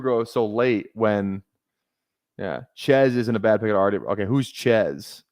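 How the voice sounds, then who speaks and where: A man's voice: lowish voice, a little slow, a little mellow, no room sound. A young man casually commenting on a live fantasy football draft stream, rambling, repeating himself and swearing freely.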